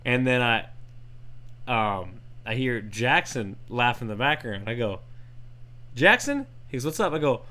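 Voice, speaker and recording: A man co-hosting a podcast and telling a story in casual chat, animated and jumping into high voices when he quotes people. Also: normal speed. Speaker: podcast co-host.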